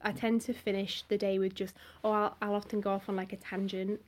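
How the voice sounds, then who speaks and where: Husky young woman, reflective. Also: medium pitch, level tone, a little fast. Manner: reflective, hesitant, trailing phrases. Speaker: session bassist guest. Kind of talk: casual podcast interview.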